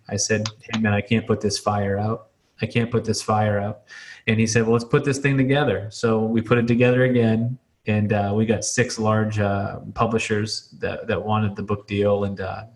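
Candid, storytelling man, slightly low voice. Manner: candid, storytelling with acted quotes and repetitions. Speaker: pastor and author. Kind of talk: podcast interview.

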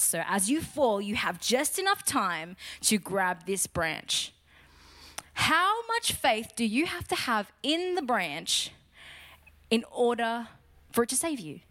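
A woman's voice: mid-range voice, fairly bright tone. A woman preaching a sermon with emphatic teaching rhythm, putting questions to her listeners.

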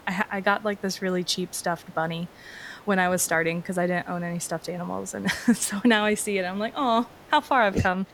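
Speaking in a mid-range voice against slight background noise, an energy healer appears as a casual interview guest. She's chatty, leans on filler words, and laughs a lot.

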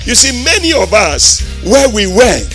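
Man preaching, high voice, very lively pitch, sing-song emphatic delivery, faint music behind. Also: a little slow. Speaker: pastor. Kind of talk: sermon.

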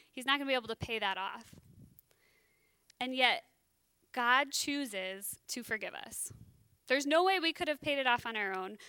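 A woman gives a casual sermon in a high, bright voice that stays smooth and clear. She talks in a chatty, self-deprecating way, thinking aloud as she explains. The sound is dry and close. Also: no echo. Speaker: bible teacher.

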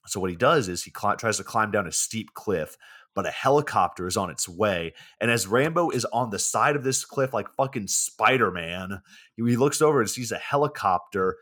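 Retelling a movie's plot for his casual podcast, a man keeps things easygoing and wry, with frequent profanity. His lowish, fairly bright voice is expressive and moves at a moderate pace.

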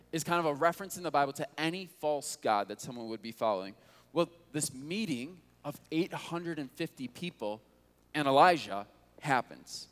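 A male pastor preaching a sermon, retelling scripture in a casual, conversational way with frequent rhetorical questions. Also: a little high. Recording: long hall reverb.

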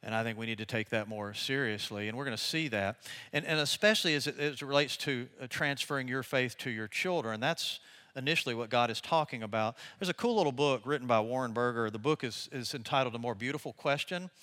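An older man preaches with a bright, forceful voice at an ordinary pitch. He speaks in a conversational way and tells lively family stories, laughing as he goes. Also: quick pace. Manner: conversational, animated storytelling with laughter. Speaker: pastor. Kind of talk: sermon.

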